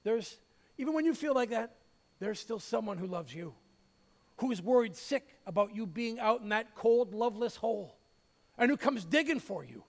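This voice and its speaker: High-voiced pastor preaching in a reverberant hall. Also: male voice, moderate pace, creaky. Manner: storytelling with light humor, expressive. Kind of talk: sermon.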